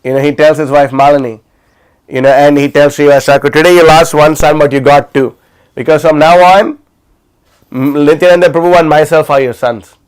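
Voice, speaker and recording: Storytelling man with a smooth voice. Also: on the high side, fairly even intonation, a little fast. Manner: retells stories with many fillers and restarts. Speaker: class speaker. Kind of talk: storytelling class talk. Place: livestreamed class.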